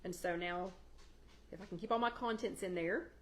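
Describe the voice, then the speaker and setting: A chatty woman hosts a live weight-loss chat, giving a casual cooking demo on a livestream from her home kitchen. She talks to viewers in the live chat by name while demoing a recipe. Her voice is fairly low and moderately paced.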